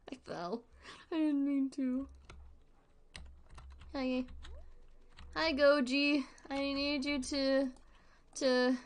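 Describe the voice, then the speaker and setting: A woman's voice: a little high, a bit bright. A 22-year-old woman streaming a game, chatting casually and playfully with frequent giggles. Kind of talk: casual gameplay chat.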